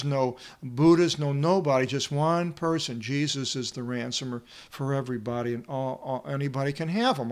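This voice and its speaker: A man teaching a Bible study lesson, reading Greek aloud and translating it with many pauses and fillers. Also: mid-range voice.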